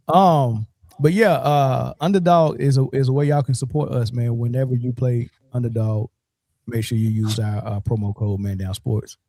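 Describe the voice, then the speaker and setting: A man's voice: medium pitch, fairly even intonation, measured pace, dark tone, no room sound. A man hosting a sports podcast in casual chat, joking and sometimes stumbling over his words. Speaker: podcast host.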